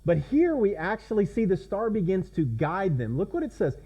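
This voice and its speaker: A man's voice: sits high, sing-song, moderate pace, hardly any pauses, warm tone, slightly rough. A man preaching a sermon as pastor, in a conversational way that keeps asking the congregation questions.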